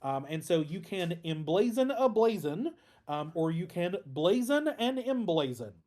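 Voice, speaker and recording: A man's voice: high voice, sing-song, a little slow, dark tone. A man teaching a casual online class as instructor, talking informally with frequent ums and restarts and the odd dry joke. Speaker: heraldry instructor.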